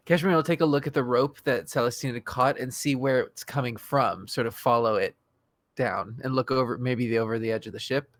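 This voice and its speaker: A tabletop game player speaking in an everyday mid-range voice. They talk casually, pausing and hesitating, with frequent giggles. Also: medium pitch. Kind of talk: casual tabletop role-play.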